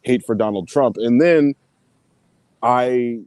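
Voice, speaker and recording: A man in casual chat, telling his story in an animated, profane way. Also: mid-range voice, slow pace, clear, resonant tone, no echo.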